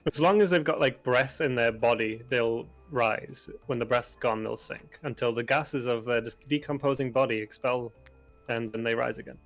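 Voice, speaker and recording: A man playing in a tabletop game, joking in a dry, deadpan way. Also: mid-range voice, normal speed, faint music behind. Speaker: player. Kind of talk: casual tabletop game chat.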